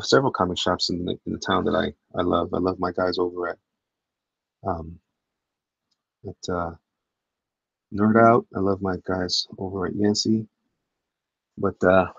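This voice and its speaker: A low, gravelly man talks to his livestream chat in a loose, rambling way, often poking fun at himself. His voice is husky, and the sound is dry and a little dull, like a lo-fi recording. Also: dry recording. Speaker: comic artist livestreaming while drawing.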